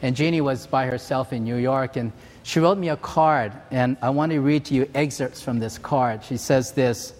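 A man in his sixties, from Hawaii, preaching a sermon in an earnest, measured storytelling way. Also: mid-range voice, a little mellow. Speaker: pastor. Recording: long hall reverb.

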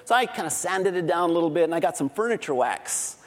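A man's voice: on the high side, animated, fast, long reverb tail. A middle-aged man preaching a sermon, telling family stories with a laughing, self-deprecating manner. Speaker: pastor.

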